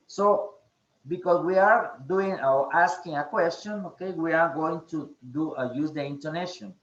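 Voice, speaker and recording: A male English teacher leads an online class, pausing often and checking in with "okay?". His voice sits a bit high and moves slowly. The call audio is echoey and muffled. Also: fairly bright tone. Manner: slow, repeats "okay?" often, hesitant fillers.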